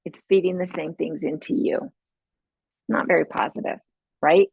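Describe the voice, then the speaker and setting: Husky-voiced woman podcast host, chatty. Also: fairly low pitch, fairly even intonation, normal speed, darkish tone, dry recording, poor audio. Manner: chatty, ends points with "right?" and laughs often. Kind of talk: casual parenting talk.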